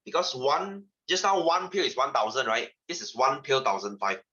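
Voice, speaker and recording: In this classroom lecture, a male science teacher chats through the lesson, posing questions and going over points more than once. He speaks at a normal speed in a sing-song, mid-range voice with a sharp tone, and the audio has its highs cut off.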